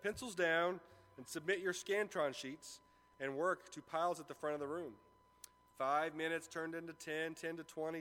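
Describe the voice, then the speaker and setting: A man with a fairly high-pitched, slightly bright voice preaches a sermon as a pastor, telling a story with acted-out dialogue before turning to scripture. The recording carries the long reverb of a large room.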